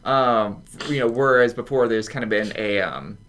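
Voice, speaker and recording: Bright-voiced man in wry banter. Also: medium pitch, moderate pace. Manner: wry, self-correcting banter. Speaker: podcast co-host. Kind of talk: casual chat.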